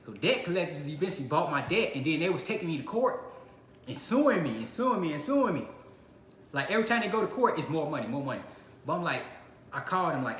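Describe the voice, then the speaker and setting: A man's voice: fairly high pitch, big pitch swings, fast talker, fairly bright tone. A young man from Illinois telling a casual personal story on his channel, acting out his own reactions. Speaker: channel host. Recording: echoey room with faint noise.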